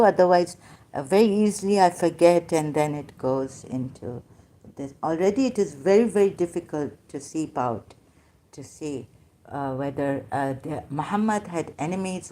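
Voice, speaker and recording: A woman in an unscripted debate, talking hesitantly with many fillers and restarts, and admitting she gets hyper and struggles to keep her voice gentle. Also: low-pitched. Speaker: debater in an online religious discussion.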